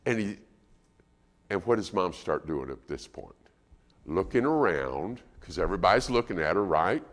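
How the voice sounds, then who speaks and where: Lively preacher in an echoey church. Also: male voice, fairly low pitch, moderate pace. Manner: conversational, asks the congregation questions. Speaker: guest preacher. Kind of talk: sermon. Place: church auditorium. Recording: reverberant church hall.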